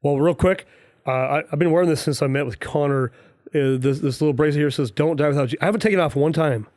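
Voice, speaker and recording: Brief: male podcast host, chatty, slightly high voice, dry recording. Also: fast, a little mellow, dry recording. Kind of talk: casual chat.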